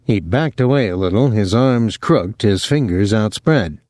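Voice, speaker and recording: A man's voice: lowish voice, lively intonation, measured pace, darkish tone, dry recording, clean studio sound. A man reading a novel aloud as an audiobook narrator, giving each character a voice.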